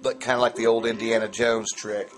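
A man's voice: medium pitch, flat delivery, fairly quick, music in the background. A tired man, talking casually and soothingly while feeding a baby at home. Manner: soothing, talks softly to a baby. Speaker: grandfather vlogger. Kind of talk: casual home video chat. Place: indoors at home. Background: television documentary playing.

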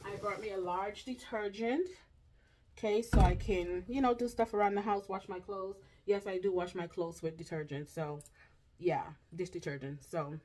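This woman's medium-pitched voice stays steady at a normal speed while background noise runs underneath. Recording at home, she walks viewers through a grocery haul in a relaxed, drawn-out way, repeatedly checking in with "okay?"

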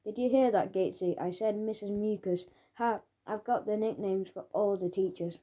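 A woman's voice: medium pitch, steady tone, moderate pace, natural voice. Woman doing a sly teasing school bully boy. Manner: sly, teasing, leaning in with loud whispers. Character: boy bully who gives everyone nicknames. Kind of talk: audiobook character reading.

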